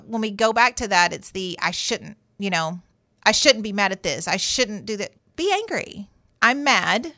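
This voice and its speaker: A woman's voice: medium pitch, bright, forceful tone, no room sound, studio quality. A woman therapist hosting a show, giving advice in a conversational, emphatic way and acting out people's inner voices. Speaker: therapist host. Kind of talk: advice monologue.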